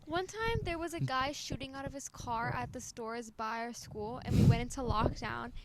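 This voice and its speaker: A woman's voice: on the high side, moderate pace, noisy background. A young woman co-hosting a casual podcast, telling a rambling school story in slangy talk. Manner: rambling slangy storytelling, says "bro" a lot. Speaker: podcast co-host. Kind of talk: casual chat.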